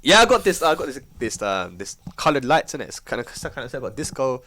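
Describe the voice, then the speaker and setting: Fast-talking host, dry mic. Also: male voice, medium pitch, no room sound. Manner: animated, slangy, swears freely, restarts words. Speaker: podcast host. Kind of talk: casual chat.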